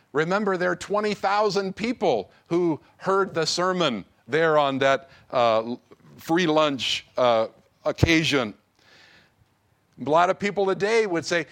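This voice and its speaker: A man preaching a sermon to his congregation, slow and emphatic. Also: fairly bright tone. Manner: slow, emphatic preaching with wide swings of pitch. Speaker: pastor.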